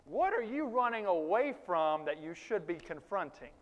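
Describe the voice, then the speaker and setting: A man preaching a sermon in a conversational, animated way, with sudden loud emphases and quiet asides to the congregation. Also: high voice, moderate pace, lo-fi sound. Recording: long reverb of a large hall.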